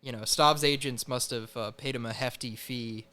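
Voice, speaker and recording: A man's voice: medium pitch, steady tone, normal speed, sharp tone. A young man co-hosting a comedic podcast, casual and sarcastic, laughing often. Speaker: podcast co-host.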